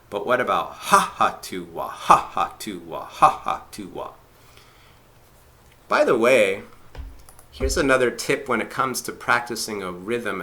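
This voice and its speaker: Male instrument teacher on a webcam chat, lowish and bright, patient step-by-step explainer. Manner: demonstrating rhythms by chanting syllables; explaining step by step, thinking aloud. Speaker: didgeridoo teacher. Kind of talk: live video lesson. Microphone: webcam on a live video chat.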